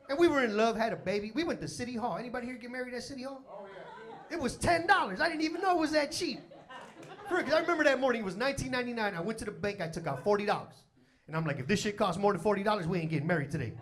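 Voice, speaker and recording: Fast-talking man doing stand-up. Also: extremely high pitch. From Chicago South Side. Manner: animated storytelling, acting out characters. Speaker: stand-up comedian. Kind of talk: stand-up comedy set. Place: comedy stage before a live audience. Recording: loud crowd laughter throughout. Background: audience laughter.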